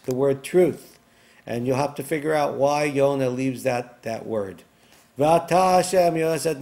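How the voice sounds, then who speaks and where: A man's voice: a little high, vocal fry, warm tone. A man teaching a Bible lesson who reads each Hebrew verse aloud and then translates and explains it line by line. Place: recorded for an online class video.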